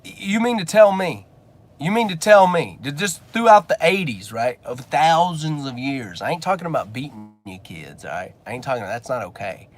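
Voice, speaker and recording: Male vlogger, slightly higher voice, blunt motivational preacher, in a car. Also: very animated, moderate pace, faint music behind. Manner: blunt and preachy, swears casually. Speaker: business coach and channel host. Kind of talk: motivational rant.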